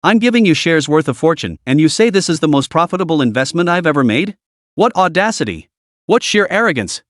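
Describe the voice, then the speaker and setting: A man's voice: a little high, big pitch swings, fairly quick, a bit bright, dry recording, studio quality. A man voicing an earnest, solemn male company founder in a storybook recap. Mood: emphatic.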